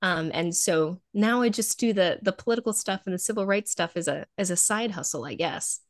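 A woman's voice: mid-range voice, fairly quick. A woman in her twenties, a podcast guest speaking from her bedroom, friendly and articulate. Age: 20s. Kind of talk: casual interview conversation.

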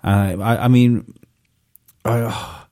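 A man in his late thirties with a soft Manx accent, slightly Scouse, chatting casually as a podcast co-host, hesitant and self-deprecating with many restarts. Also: medium pitch, fairly even intonation, extremely slow. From Isle of Man. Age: 30s. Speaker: podcast co-host and stand-up comic. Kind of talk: casual chat.

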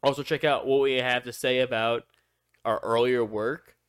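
A man's voice: medium pitch, fairly even intonation, moderate pace, smooth. A man co-hosting a loose group podcast, chatting casually with lots of fillers and restarts. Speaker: podcast co-host.

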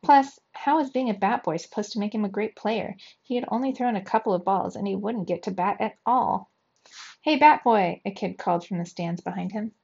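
A woman's voice: mid-range voice, brisk, hardly any pauses. Woman reading a kids' book aloud. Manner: steady, clear reading with lively quoted shouts. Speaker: storybook reader for young children. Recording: dull lo-fi recording.

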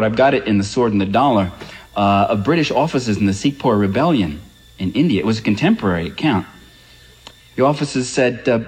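A man's voice: mid-range voice, darkish tone, husky, poor audio. A man giving a public lecture in an impassioned, ironic way, building emphasis on key points.

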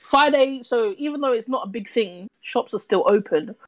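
A woman's voice: on the high side, expressive, moderate pace, dry recording, low-quality recording. A woman from London with a London accent, chatting casually and bluntly on a podcast. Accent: London English. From London, England. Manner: blunt, teasing, opinionated. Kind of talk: casual chat.

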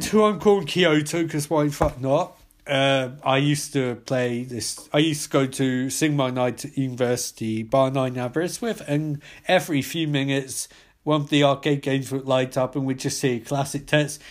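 A man's voice: a little high, normal speed. A young man recapping a horror film, full of sarcastic, profane asides. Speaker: film reviewer.

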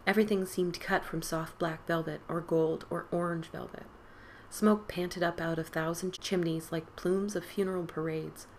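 A woman reads a spooky story aloud in a slightly low voice. She reads with drama, hushing to a whisper at times and lifting her voice for the excited cries. A faint hiss sits under the recording. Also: normal speed. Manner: dramatic, drops to whispers and lifts for quoted boys' cries. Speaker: podcast host reading a story. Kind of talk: expressive storybook reading.

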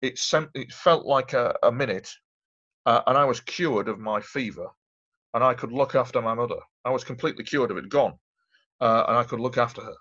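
A man's voice: medium pitch, brisk, sharp tone. Rambling man on lo-fi audio. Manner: rambling, emphatic, repeats himself. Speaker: interview guest. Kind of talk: casual storytelling. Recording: dull lo-fi audio.

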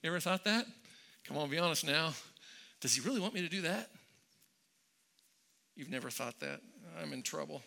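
A man's voice: a little high, animated, normal speed, gravelly, long pauses, bright, forceful tone. A man preaching a sermon, telling a story in a conversational way with many restarts and repeated words. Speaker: pastor.

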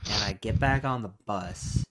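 A man's voice: on the low side, unhurried. Laid-back guy telling stories. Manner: laid-back storyteller, acts out yelling people. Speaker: podcast co-host. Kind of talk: casual chat.

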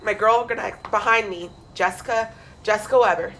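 A woman's voice: mid-range voice, brisk, slight background noise, rough recording. A young woman co-hosting a podcast, telling stories in casual chat, acting out quotes and swearing freely. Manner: animated storyteller who acts out quotes and swears freely. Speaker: podcast co-host.

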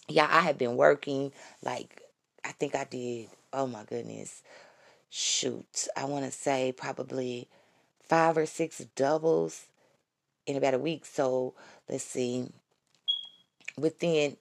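Fervent low-voiced woman, gravelly. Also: no room sound, clean studio sound. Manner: fervent, repeats phrases, keeps calling out y'all. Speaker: vlogger giving a faith testimony. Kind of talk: casual spoken testimony, preachy.

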